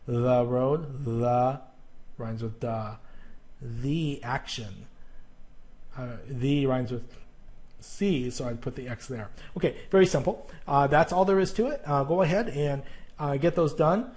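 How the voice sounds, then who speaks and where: A man teaching a pronunciation lesson, explaining slowly with fillers and repeated examples. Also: mid-range voice, darkish tone.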